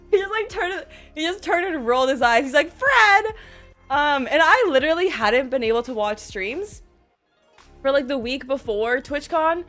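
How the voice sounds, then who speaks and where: A young woman vlogger telling a casual story in an excitable, self-deprecating way, acting out what people said. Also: high voice. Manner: excitable, self-deprecating, animated quoting with laughs.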